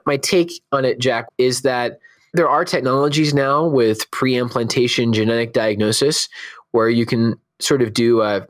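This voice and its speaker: A man in his thirties, raised in Scotland but speaking with an American accent, talking in an earnest, reflective interview way and laughing easily. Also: medium pitch. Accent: American, Texan-leaning with faint Scottish traces. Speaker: oncologist guest. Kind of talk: conversational interview.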